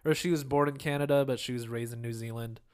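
A man co-hosting a podcast in casual chat, easygoing and quick to laugh. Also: medium pitch, fairly even intonation, smooth. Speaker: podcast co-host.

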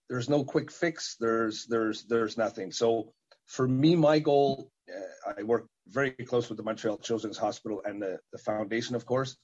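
A man who is a parent and an event organizer answers interview questions haltingly, stumbling over fillers and repeating words. His voice is lowish and slightly rough, and the recording has a dull, lo-fi quality.

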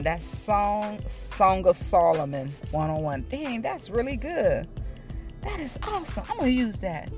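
An older woman, chatting casually about Bible teaching to viewers, playful and animated, often laughing and singing bits of phrases. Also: unhurried, over music. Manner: animated, with sudden high pitch jumps. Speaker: faith talk host.

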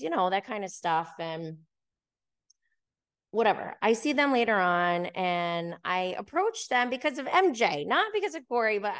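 A woman's voice: mid-range voice, clean tone. Chatty woman telling a story. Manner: chatty, many fillers and "like", animated when quoting others. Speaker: podcast host. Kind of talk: casual storytelling chat.

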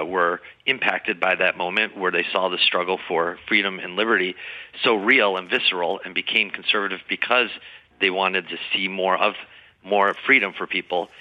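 A man's voice: low voice, bright, forceful tone. A young man, a political strategist, making an earnest argument on a radio show, restarting his sentences often. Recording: dull, muffled radio audio.

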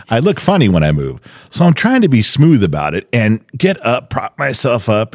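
A man's voice: medium pitch, no room sound, clean studio sound. A man chatting on a podcast, telling a story in a self-mocking way and acting out what people said. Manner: animated, self-mocking storyteller who acts out quotes. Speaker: podcast co-host. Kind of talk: casual storytelling chat.

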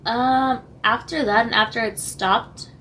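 A young woman with a hoarse voice, a podcast guest speaking candidly and haltingly, switching languages mid-sentence. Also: fairly high pitch, fairly even intonation, pushed and bright, a little hiss or hum. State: losing her voice, hoarse. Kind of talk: candid personal interview.

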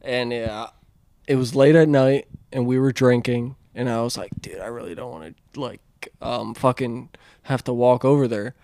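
A man's voice: mid-range voice, fairly even intonation, a little slow, warm tone, no room sound. A man telling a rambling story in casual chat, swearing, laughing and acting out what people said. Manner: swearing, laughing, acts out quotes.

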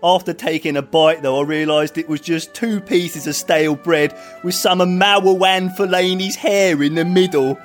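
A man's voice: a little high, steady tone, moderate pace, few pauses, faint music behind, close to an everyday voice. A man voicing a whiny, childish young male footballer reading his own diary in a mock-earnest way. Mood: self-pitying.

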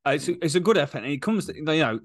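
Co-host: man, mid-pitched, frank and measured, dry close sound. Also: animated, dry recording. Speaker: podcast co-host. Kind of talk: casual sports podcast chat.

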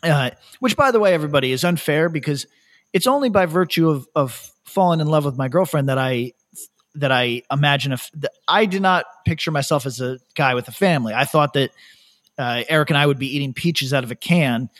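A man hosting a podcast, telling rambling stories in casual chat, laughing often and dropping his voice low to quote people. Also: fairly quick, a bit bright. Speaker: podcast host.

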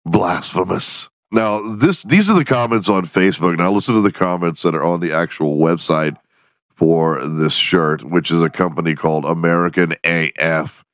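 Man, casual comedy podcast host, profane, laughs a lot, very low voice, dry close sound. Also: normal speed, fairly bright tone, no room sound. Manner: profane, joking, laughs often.

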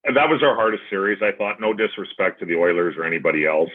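A man's voice: sits low, lively intonation, fast, slightly rough. A man, a former hockey player, telling stories in casual chat as a podcast guest and acting out his own past remarks. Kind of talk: casual storytelling. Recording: tinny phone-like sound.

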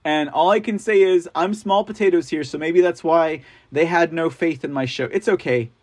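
Male livestream host, high voice, loose chatty delivery, answers the chat. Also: fairly even intonation, normal speed, darkish tone. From Texas. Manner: chatty, reads and answers viewer comments, frequent laughs. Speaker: livestream news show host. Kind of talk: casual live-chat talk.

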